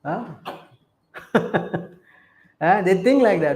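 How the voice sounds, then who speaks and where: Slow, emphatic male preacher, fairly high voice, echoey room. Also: expressive, a little mellow. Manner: questions the audience again and again. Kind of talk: sermon.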